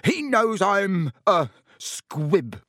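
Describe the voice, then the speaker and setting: A man's voice: high-pitched, very animated, measured pace, creaky, a bit bright, no echo, clean studio sound, pitched above the performer's own voice, heavily acted. A man voicing a bitter old male caretaker who shrieks and sputters accusations. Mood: shrieking, furious.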